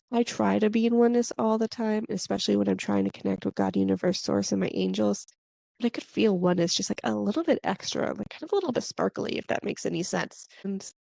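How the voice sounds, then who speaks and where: A woman's voice: medium pitch, creaky, dark tone, dry recording. A woman hosting a podcast about spirituality, telling her story in a chatty, meandering way with lots of "like" and "kinda". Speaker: podcast host. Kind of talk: casual spiritual podcast monologue.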